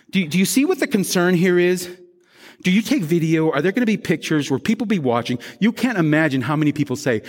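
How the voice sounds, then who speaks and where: A man preaching a sermon as pastor, animated, acting out the worries of churchgoers. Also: on the high side, fast, in a large hall.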